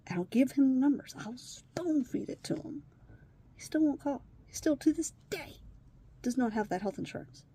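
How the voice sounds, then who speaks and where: A woman recording a personal video diary while distressed and tearful, dropping to hushed whispers and then rising into swearing outbursts. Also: high voice, animated, moderate pace, slightly rough. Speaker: vlogger.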